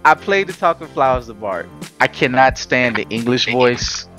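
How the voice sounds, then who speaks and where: Lively, bright-voiced man chatting casually. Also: mid-range voice, moderate pace, soft background music. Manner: animated, slangy, does playful voices. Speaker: podcast co-host. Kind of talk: casual chat.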